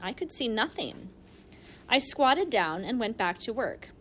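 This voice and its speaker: A woman narrating an audiobook in the first person, telling the story in an animated, expressive way. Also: on the high side, a little slow, slight background noise.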